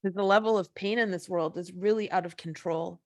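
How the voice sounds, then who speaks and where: A woman's voice: fairly low pitch, fairly even intonation, fairly quick. A woman host giving an emotional solo monologue, impassioned and profane, full of restarts and rhetorical questions. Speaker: podcast host.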